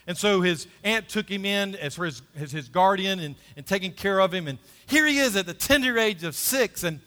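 A man's voice: high voice, expressive, normal speed, pushed and bright, in a large hall. A man preaching a sermon as pastor, emphatic and repeating key phrases, calling for responses from the congregation.

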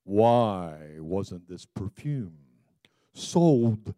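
A man voicing a self-righteous, greedy male disciple in a sermon, with a low, drawn-out, smug delivery. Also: sing-song, warm tone, no echo, studio quality, full character voice.

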